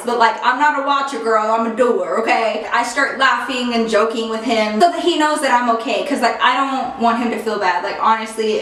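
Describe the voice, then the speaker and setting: A woman's voice: fairly high pitch, fairly bright tone. A woman vlogger telling a storytime in casual slang, packed with "like" fillers. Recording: very echoey room, far from mic.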